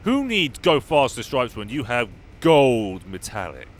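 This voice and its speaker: A man's voice: mid-range voice, very animated, unhurried. A young man giving casual, wry commentary while playing a racing game and answering his chat. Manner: chatty, wry, talks to live chat. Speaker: gaming YouTuber. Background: game music and car engines.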